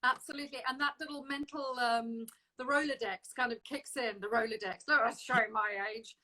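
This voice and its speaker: A woman hosting a casual interview, with a high voice and a bright, ringing tone. She is chatty and expressive and often laughs along as she talks. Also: brisk, rough recording. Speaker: interview host.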